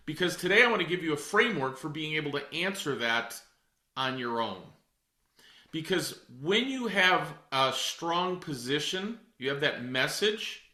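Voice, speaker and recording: A man's voice: fairly high pitch, sharp tone, roomy sound. A middle-aged man giving a direct, emphatic coaching talk to real estate agents. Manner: emphatic, direct, addresses folks. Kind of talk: weekly coaching session.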